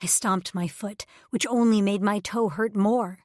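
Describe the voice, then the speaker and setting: A woman's voice: mid-range voice, steady tone, unhurried, darkish tone, dry recording, studio quality. A woman reading a first-person romance audiobook in an intimate, emotive way. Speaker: audiobook narrator.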